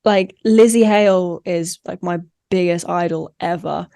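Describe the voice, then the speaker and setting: A woman's voice: on the low side, a little slow, vocal fry, dark tone, no room sound, studio quality. A woman hosting a podcast interview, chatting casually and encouraging her guest. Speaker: podcast host.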